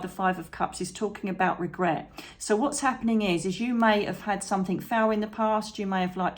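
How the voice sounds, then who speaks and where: A woman doing a chatty tarot reading to camera, encouraging and fond of tag questions like "okay?". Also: lowish voice. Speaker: psychic tarot reader.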